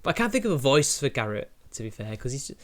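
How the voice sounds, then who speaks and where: A man's voice: medium pitch, sing-song, fast. A young man, chatting on a live stream in a mocking, crude, laughing way. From Britain. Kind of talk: casual live-stream commentary.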